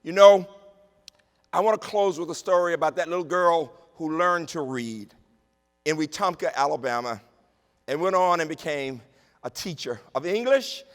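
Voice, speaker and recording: A man who is a university president delivers an inspirational keynote in a large conference hall, his fairly high voice carrying a rhythmic, repetitive cadence that drops to a hush in tender moments. The recording has long hall reverb over a PA.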